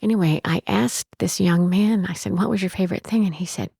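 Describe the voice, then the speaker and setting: A woman's voice: medium pitch, brisk, vocal fry, dark tone, breathy edge, dry recording, studio quality. A woman who owns a bed and breakfast, telling stories in an interview in a chatty way, with frequent restarts. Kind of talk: storytelling in an interview.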